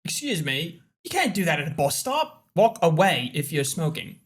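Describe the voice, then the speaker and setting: A blunt, exasperated commuter telling off a smoker, as a man reads him. The voice is husky, with pitch that jumps around. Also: very animated, moderate pace, fairly bright tone, full character voice. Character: irritated bus passenger confronting a smoker.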